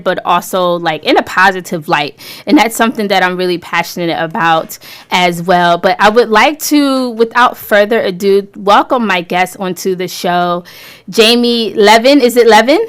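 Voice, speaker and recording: A woman's voice: mid-range voice, smooth. A woman hosting a radio talk show, speaking in an upbeat, enthusiastic way as she introduces her show and her guest. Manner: upbeat, enthusiastic promotional delivery.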